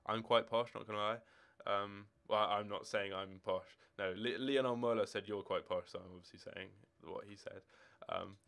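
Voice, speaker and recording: A young man of eighteen talks casually on a game stream, wandering from one answer to the next. His voice sits a little low and sounds smooth and clean. He is from Scotland. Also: steady tone, normal speed, few pauses, a bit bright. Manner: rambling, chatty, answering chat questions as they come. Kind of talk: casual live-stream chat. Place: home room with football shirts and drawers.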